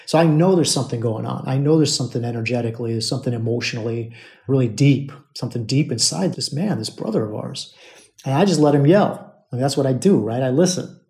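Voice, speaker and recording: A man's voice: medium pitch, quick pace, gravelly, a little mellow. A man hosting a podcast, telling a long personal story in a casual way, repeating phrases for effect and calling his listeners brothers. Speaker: podcast host.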